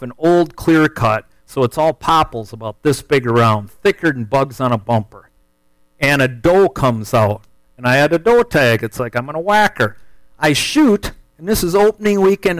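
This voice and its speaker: A man, telling a hunting story in a folksy, animated way as part of a sermon. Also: a little high, no room sound, rough recording. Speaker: speaker telling a testimony.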